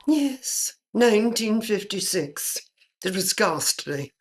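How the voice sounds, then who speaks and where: A tart old English actress's ghost. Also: female voice, mid-range voice, big pitch swings, takes it slowly. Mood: dry. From England. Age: older. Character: spirit of an elderly grand English actress, dry and tart.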